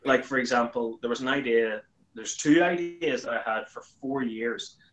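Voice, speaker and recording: A man's voice: medium pitch, moderate pace, a bit bright, low-quality recording. A young man hosting a casual chat, rambling with many fillers. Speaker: host.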